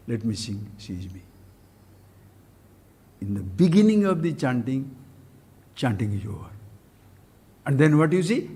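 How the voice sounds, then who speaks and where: A man's voice: mid-range voice, big pitch swings, measured pace, long pauses, warm tone, slightly rough. An older man giving a spiritual discourse, switching between explanation, acted-out dialogue and chanted Sanskrit verses. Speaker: spiritual teacher.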